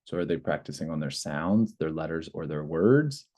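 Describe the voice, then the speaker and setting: A man's voice: extremely low pitch, animated, moderate pace, a little mellow. A man presenting a teacher training session, explaining a lesson video with a few fillers.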